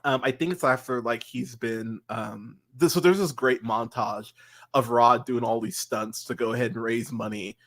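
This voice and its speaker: A man co-hosting a movie podcast, chatting casually and rambling excitedly through film scenes with lots of fillers and laughter. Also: medium pitch, normal speed. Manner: rambling, animated, laughs a lot, many "like" fillers. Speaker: podcast co-host. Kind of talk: casual film review chat.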